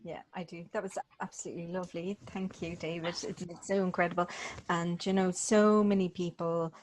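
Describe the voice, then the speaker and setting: A woman hosting an online talk show on a video call, speaking in an encouraging, slightly halting way. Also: on the low side, flat delivery, slight background noise. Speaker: host.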